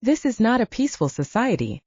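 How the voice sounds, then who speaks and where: Entitled young heiress with a low, bored drawl, voiced by a woman; dull lo-fi audio. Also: big pitch swings, brisk, darkish tone, slightly rough, dry recording. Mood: disdainful.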